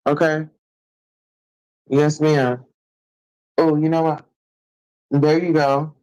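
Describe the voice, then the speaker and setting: This is a man talking to his live-stream viewers. His voice sits a bit on the high side. He delivers a sassy, brash rant full of cursing, stretching his taunts out in a teasing sing-song. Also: level tone, slow pace, a little mellow, rough recording.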